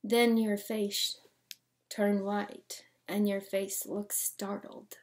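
A woman's voice: mid-range voice, flat delivery, drawn-out words, darkish tone. A woman performing dramatic spoken-word poetry, theatrical and often dropping into whispers.

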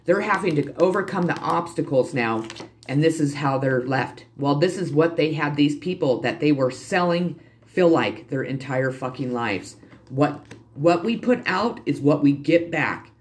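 A man with a slightly high voice delivers a spiritual tarot reading straight to his viewers. He preaches bluntly, swears freely, and hammers his points home by repeating them. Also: animated, a little slow. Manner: emphatic and repetitive, addresses viewers directly. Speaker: tarot reader and channel host.

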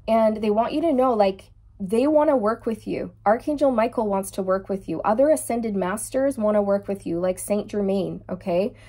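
A woman tarot reader talking casually about spiritual messages. She sounds earnest and moved, and keeps checking in with her viewers as she goes. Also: mid-range voice. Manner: earnest, keeps checking in with okay and you guys; emotionally moved, soft and heartfelt. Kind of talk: casual spiritual channeling chat.

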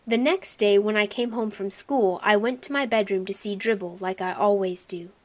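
A woman's voice: mid-range voice, fairly even intonation, normal speed. Woman reading a children's audiobook. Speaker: audiobook reader.

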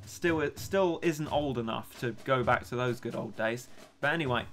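A young man chats casually on a game stream, ranting one moment and poking fun at himself the next. His pitch sits in the middle, and faint game music plays behind him. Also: moderate pace, a bit bright. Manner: chatty, ranting, self-mocking. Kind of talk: casual live-stream chat while gaming.

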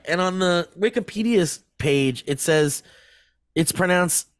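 A man's voice: sits high, takes it slowly, fairly bright tone, no echo, studio quality. A man in his thirties co-hosting a podcast, rambling through a casual story with plenty of swearing and laughter. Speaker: podcast co-host. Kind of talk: casual chat.

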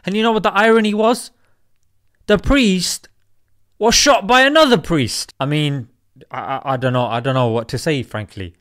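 A man's voice: high voice, moderate pace, fairly bright tone. A man hosting an opinion commentary, talking emphatically and firing off rhetorical questions. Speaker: host.

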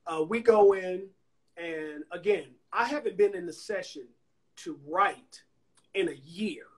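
In a relaxed interview over an Instagram Live phone call, a songwriter-producer from Anniston, Alabama, spins long anecdotes at a measured pace. His speaking voice is notably high, and he animatedly slips into the voices of the people he quotes.

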